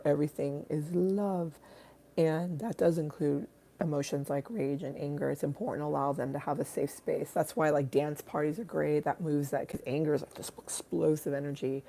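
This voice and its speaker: Hoarse, raspy woman, low and gravelly, dark tone; rambling casual livestream host. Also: fairly even intonation, normal speed. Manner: rambling, many fillers and restarts. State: hoarse from screaming. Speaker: artist hosting a livestream.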